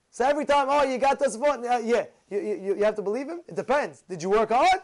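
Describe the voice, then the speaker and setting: Very high-voiced man, rabbi type, animated lecture storyteller with loud bursts and muttered asides. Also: fast talker, few pauses. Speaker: rabbi giving a Torah talk. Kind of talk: informal Torah lecture with acted anecdotes.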